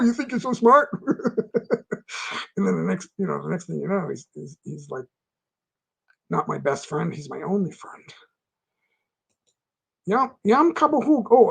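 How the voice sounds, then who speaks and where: A man's voice: high-pitched, vocal fry, slightly rough. A middle-aged man hosting a casual livestream, rambling through stories with frequent restarts and laughing at his own anecdotes. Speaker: livestream host. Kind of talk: casual chat reading out viewer comments.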